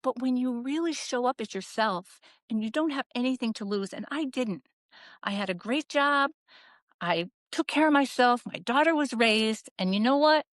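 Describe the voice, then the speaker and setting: A woman's voice: a little high, lively intonation, moderate pace, dry recording. A middle-aged woman as a podcast guest, candidly telling her story in an earnest, reflective way and acting out the voices she quotes.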